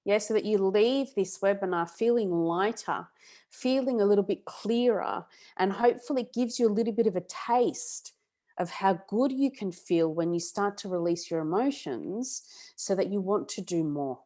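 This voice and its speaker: A woman talks casually to a webinar audience about emotional healing. She speaks in a chatty, animated way at a middle pitch and keeps checking in with "yeah?" and "okay?". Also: moderate pace.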